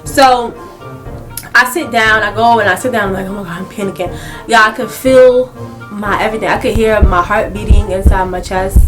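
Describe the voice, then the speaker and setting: A young adult woman telling a casual story-time vlog, animated and laughing a lot as she talks. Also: mid-range voice, moderate pace, music in the background. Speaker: vlogger.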